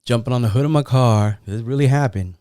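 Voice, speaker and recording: A man's voice: medium pitch, fairly quick, dark tone, no echo, studio quality. A middle-aged man from San Jose, California, hosting a podcast and telling rambling, profane, streetwise stories in a casual way. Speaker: podcast host. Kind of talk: casual storytelling.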